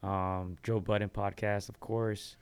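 A man's voice: lowish voice, flat delivery, clean tone. A man hosting a boxing podcast in casual chat, easygoing, with lots of ums and easy laughs. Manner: easygoing, fills pauses with um, laughs easily. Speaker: podcast host.

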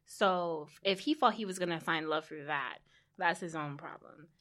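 A woman's voice: low-pitched, normal speed, fairly bright tone. Blunt gossiping woman co-host. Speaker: podcast co-host. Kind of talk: casual chat.

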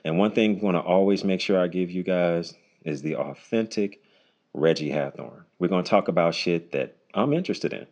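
A man hosting his own unscripted solo podcast, talking bluntly and casually with lots of swearing, his voice jumping high when he jokes. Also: moderate pace, a little mellow. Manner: voice jumps high when joking. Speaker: podcast host. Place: home recording, unedited.

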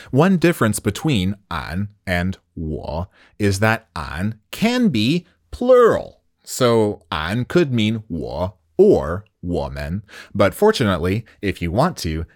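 A man's voice: lowish voice, no room sound, clean studio sound. A man whose first language is English, hosting a solo podcast lesson on Mandarin slang in a playful, chatty way with jokes and rhetorical questions.

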